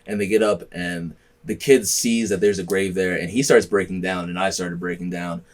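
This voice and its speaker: Low-voiced man rambling through a story. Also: steady tone, moderate pace. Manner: loose, rambling storytelling with slang and profanity. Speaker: podcast host. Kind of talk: casual chat.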